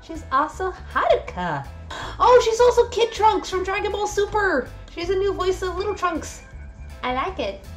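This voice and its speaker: A woman's voice: very high voice, moderate pace, faint music behind. A woman hosting a casual anime review video, chatty and enthusiastic with lots of fillers.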